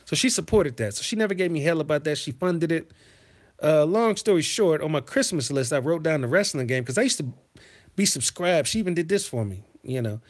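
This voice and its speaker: Animated, profane livestream host. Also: male voice, fairly high pitch, fairly quick. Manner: profane, animated, swings into loud outbursts. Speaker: livestream host reading chat. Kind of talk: casual storytelling to a live chat.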